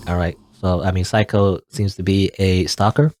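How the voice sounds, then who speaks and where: A man's voice: sits low, fairly even intonation, normal speed, hardly any pauses, darkish tone, no echo. A young adult man hosting a let's play, giving casual, rambling commentary on a visual novel. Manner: rambling, filler-heavy.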